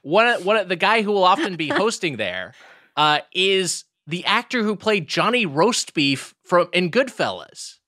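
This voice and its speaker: A man co-hosting a podcast, chatting casually and telling excited, rambling stories. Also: sits high, normal speed, dry recording, studio quality. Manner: excited, laughing, tangent-prone storytelling. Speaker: podcast co-host. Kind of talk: casual chat.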